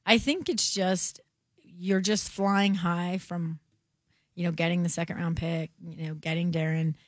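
A woman speaking through a cold, her voice hoarse and strained. She talks casually as a guest, stopping and restarting her thoughts. The sound is close and dry, with no room in it. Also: lowish voice, steady tone, no room sound. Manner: halting, restarts often. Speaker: guest sports writer. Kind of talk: casual chat.

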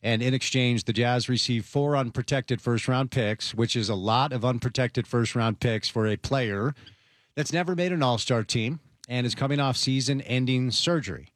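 A man hosting a sports show, delivering confident opinions. His voice is mid-pitched and sits close and dry on the mic, with no room sound. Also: moderate pace, no room sound. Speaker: sports podcast host. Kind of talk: sports talk commentary.

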